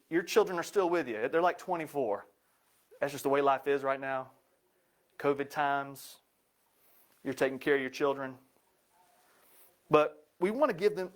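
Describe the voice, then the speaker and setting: A man giving a live presentation in an upbeat, joking way. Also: medium pitch.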